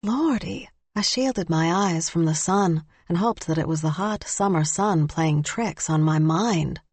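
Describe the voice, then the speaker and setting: A woman narrating a first-person audiobook in measured, lightly wry storytelling. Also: deep voice, darkish tone, no echo.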